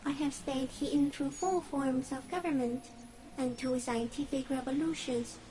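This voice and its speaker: A woman voicing an ancient female stick-insect creature in a video game, speaking in slow, drifting, breathy phrases. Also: high-pitched, steady tone, lightly acted, poor audio. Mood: calm. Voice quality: soft, drifting, often breathy. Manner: slow, otherworldly, halting phrases.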